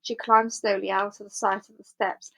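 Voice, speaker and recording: A woman reading a children's book aloud, telling the story in a clear, measured way. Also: mid-range voice, level tone, bright, forceful tone, low-quality recording. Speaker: storybook reader.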